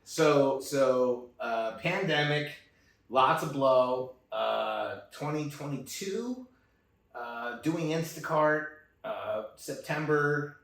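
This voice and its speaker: A man's voice: medium pitch, takes it slowly, vocal fry, a bit bright, distant mic. A man in his fifties telling a story in a casual chat, ranting and swearing a lot and repeating himself. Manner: ranting, profane, repetitive. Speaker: guest. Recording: echoey room, off-mic.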